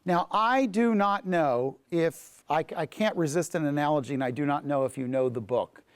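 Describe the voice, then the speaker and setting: A man who is a pastor and Bible teacher, telling a story in a class in an animated way, often repeating words. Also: fairly high pitch, normal speed, clean tone, no echo.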